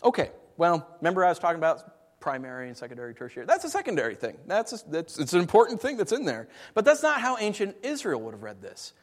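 A man preaching a sermon, animated and playful, dropping to hushed whispers and acting out what listeners might say. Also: high-pitched, quick pace. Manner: acts out listeners' voices in asides. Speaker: pastor.

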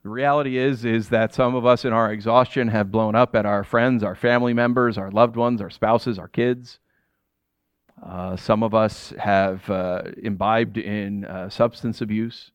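A middle-aged pastor giving a sermon in a conversational, jokey way, often asking the audience questions. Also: male voice, on the low side, fairly even intonation, unhurried, clean tone, no echo.

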